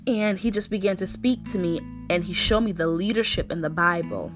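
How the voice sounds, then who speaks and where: A woman's voice: lowish voice, brisk, over music. A woman preaching a sermon with fervor, asking the listeners question after question.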